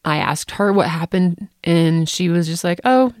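A woman's voice: on the low side, unhurried, no echo, studio quality. A middle-aged woman, a podcast co-host, telling a family story in casual chat and acting out the voices she quotes. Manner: animated, acts out quoted voices.

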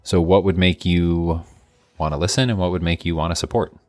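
A man's voice: low voice, steady tone, brisk, a little mellow, no echo, soft background music. A man co-hosting a podcast, chatting in an easygoing, agreeable way and laughing along. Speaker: podcast co-host. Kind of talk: casual podcast chat.

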